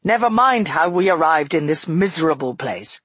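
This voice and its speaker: A man's voice: on the high side, expressive, moderate pace, a bit bright, slightly rough, no echo. A man voicing a menacing, imperious male villain in an audiobook reading, harsh and threatening. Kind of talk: audiobook narration.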